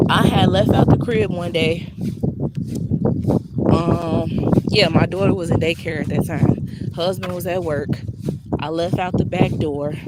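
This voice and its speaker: A woman telling a personal story to her viewers in a casual, blunt and profane way, with lively swings in her voice. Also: lowish voice, very noisy.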